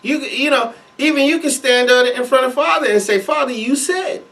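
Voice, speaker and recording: A man's voice: very high voice, a little fast, fairly bright tone, far from the mic. A man co-hosting a reaction show, commenting casually in a heated, emphatic way with frequent repetition.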